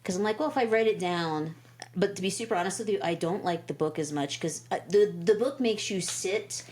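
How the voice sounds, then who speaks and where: A woman's voice: mid-range voice, brisk, a little mellow. A woman from Brazil co-hosting a podcast in casual, rambling chat. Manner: chatty, rambling, frequent "like" fillers. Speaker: podcast co-host.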